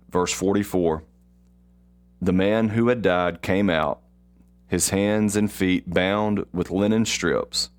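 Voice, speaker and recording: Man, deep voice, unhurried, devotional Bible reading, repeats phrases for emphasis. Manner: slow and deliberate, repeats key phrases for emphasis. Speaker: podcast host.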